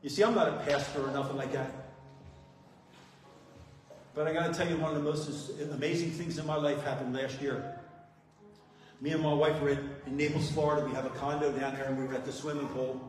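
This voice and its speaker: A man's voice: fairly high pitch, steady tone, fairly quick, long pauses, far from the mic. A man giving a testimony speech as a guest speaker at a recovery meeting, plain-spoken and earnest as he tells his story. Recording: echoey hall from afar with music.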